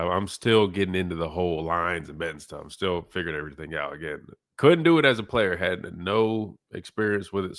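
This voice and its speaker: A man's voice: deep voice, fairly bright tone, no room sound. Male sports radio host, congested nasal voice, loose rambling delivery, dry close sound. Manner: casual, rambling, many fillers.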